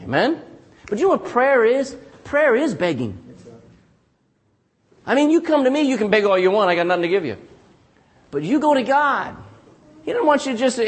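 A man pastor preaching a sermon, animated and calling out for "amen" from the congregation. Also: very high voice, moderate pace, pauses often. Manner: animated preaching with frequent call-and-response "amen".

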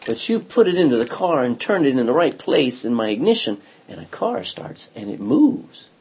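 A man's voice: mid-range voice, big pitch swings, moderate pace, darkish tone, breathy edge. A man leading a Bible study, reading scripture aloud and explaining it with emphatic repetition and questions to the class. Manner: emphatic, repeats key words, asks the class questions. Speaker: Bible teacher.

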